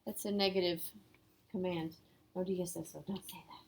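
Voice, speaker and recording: A woman's voice: lowish voice, fairly even intonation, moderate pace, slight background noise. A woman teaching a casual review lesson, explaining step by step and quizzing her students. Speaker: Spanish teacher.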